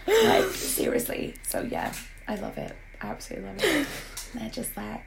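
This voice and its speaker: A woman's voice: a little high, huge pitch swings, normal speed, gravelly, a little hiss or hum. A woman with a sore throat co-hosting a podcast, chatting casually and animatedly about TV shows. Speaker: podcast co-host. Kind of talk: casual chat.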